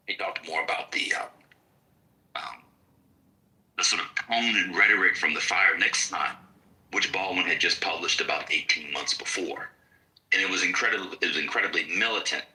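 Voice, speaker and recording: A man's voice: deep voice, sharp tone. A man hosting a casual podcast chat, rambling and lecturing with many fillers. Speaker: podcast host. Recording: voice distant from mic.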